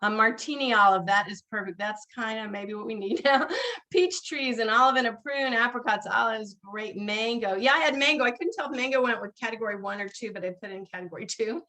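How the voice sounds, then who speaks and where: A woman's voice: fairly high pitch, a little fast, sharp tone. A woman rabbi leading a seder over a video call, chatty and laughing often, chanting Hebrew blessings.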